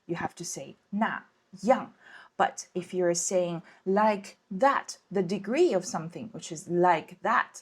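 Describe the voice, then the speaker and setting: A woman's voice: on the low side, slightly rough. A woman teaching an online language lesson, patiently repeating each word and checking in with the listener.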